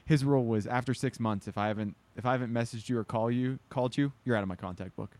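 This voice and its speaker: A man's voice: mid-range voice, fast, no echo. A man chatting casually with friends, telling stories in a rambling way and mimicking other people's voices. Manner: rambling, animated storyteller who mimics others. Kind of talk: casual chat.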